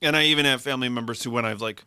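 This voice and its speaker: Bright-voiced, teasing man on a podcast. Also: medium pitch, very fast, smooth, dry recording, studio quality. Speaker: podcast co-host. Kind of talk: casual chat.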